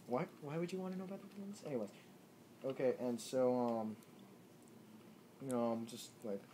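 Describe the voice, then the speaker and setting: A man telling a rambling, made-up absurd story, hesitant and full of ums and "you know", mostly low-key and quiet, filmed at home on a handheld camera. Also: moderate pace. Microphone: handheld camera held by a friend. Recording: noisy home video with clattering dishes.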